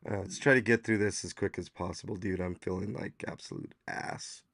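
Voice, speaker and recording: A man hosting a casual podcast livestream, hoarse and losing his voice, rambling with lots of fillers. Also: low-pitched, a little fast, a bit bright, dry recording, clean studio sound. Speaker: podcast host.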